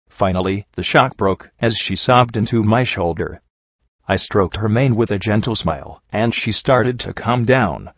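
A man with a fairly low voice narrating a first-person audiobook, reading in a steady, even way. The recording is dull and dry, with no room sound. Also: a little slow, no echo.

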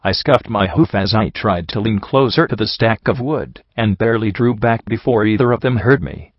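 A man narrating a first-person story in a steady, unhurried reading voice, on a dull lo-fi recording. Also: fairly low pitch, no echo. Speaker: audiobook reader.

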